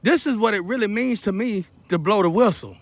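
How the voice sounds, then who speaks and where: A man's voice: high-pitched, a little fast, no echo. A man delivering an impassioned, repetitive monologue to the camera outdoors, building to an urgent outcry. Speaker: vlogger. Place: outdoors near a porch.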